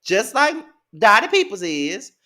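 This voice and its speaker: A man in his thirties with a Mississippi Southern accent, recapping a reality show in a sassy, profane, animated way. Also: high-pitched, measured pace. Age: 30s. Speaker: TV show reviewer. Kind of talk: casual recap commentary.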